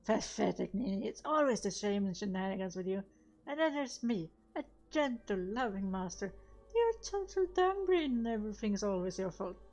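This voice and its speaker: A woman's voice: medium pitch, expressive, normal speed, a little mellow, lightly acted. A woman voicing a haughty, scolding male goblin gunner, with dull audio and game music behind her.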